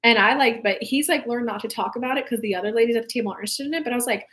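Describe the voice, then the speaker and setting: A woman's voice: on the high side, rapid-fire, hardly any pauses, a bit bright. A young adult woman hosting a live spiritual talk show, speaking casually and from the heart, rambling with lots of "like".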